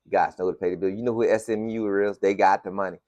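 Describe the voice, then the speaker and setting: Animated Southern man talking sports. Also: low-pitched, quick pace, no room sound. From Florida, USA. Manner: animated, emphatic, repeats phrases for effect. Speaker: sports podcast host. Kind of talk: casual sports talk monologue. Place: home room with team decorations.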